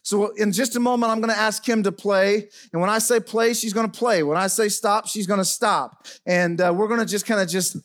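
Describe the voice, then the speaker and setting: A middle-aged man preaching a sermon as pastor in a church, dropping soft and low as he speaks over piano. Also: fairly even intonation, a little fast, few pauses. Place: church sanctuary. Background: faint piano playing.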